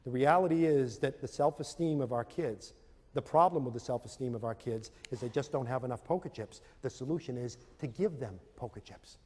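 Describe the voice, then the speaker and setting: A man giving a motivational talk to parents and teachers, telling animated stories and acting out scenes. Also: medium pitch, brisk, husky. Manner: animated storytelling, acts out scenes. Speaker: speaker. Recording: long hall reverb.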